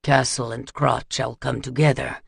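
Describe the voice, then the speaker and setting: Male narrator as a crazed vampire rogue: slow, gravelly, whispery sing-song chant. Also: medium pitch, steady tone, no room sound, studio quality, full character voice.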